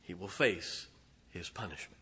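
A middle-aged man, a pastor, preaching a fervent sermon. He swings from booming declarations to hushed, intimate asides. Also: a little slow, a little hiss or hum. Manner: impassioned, emphatic preaching with repeated phrases.

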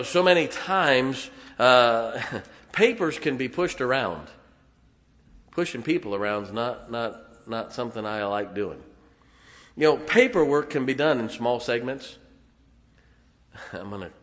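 A middle-aged male pastor preaching in a folksy, self-deprecating way, chuckling as he goes. His voice sits at an ordinary middle pitch. The sound carries the long reverb of a church sanctuary. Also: lively intonation, a little slow, long pauses, fairly bright tone. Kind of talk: sermon.

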